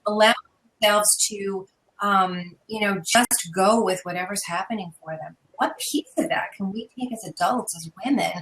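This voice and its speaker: A woman host leads a relaxed discussion, thinking aloud in a loose, reflective way. Her voice sits in a middle register. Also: mid-range voice, moderate pace, slight background noise, low-quality recording. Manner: reflective, rambling, conversational. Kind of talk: casual panel discussion.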